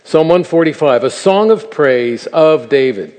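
An older man teaching the Bible to a live audience, earnest and animated, asking his listeners questions. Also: on the high side, a little slow, few pauses. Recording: reverberant hall.

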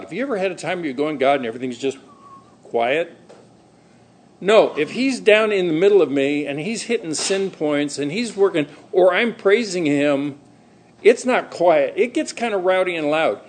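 A middle-aged male pastor preaching a sermon in a conversational, animated way, acting out little quoted exchanges. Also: a little high.

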